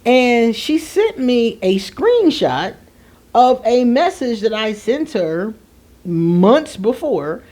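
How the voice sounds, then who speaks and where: A woman in her forties talking candidly to viewers, animated and laughing, with slangy asides. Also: on the high side, takes it slowly. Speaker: astrology vlogger. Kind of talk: candid storytelling chat to viewers.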